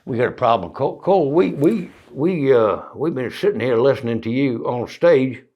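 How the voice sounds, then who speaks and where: A man's voice: medium pitch, lively intonation, normal speed, lo-fi sound, lightly acted. An Australian man voicing a drawling, easygoing American band musician with a Southern accent. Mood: baffled.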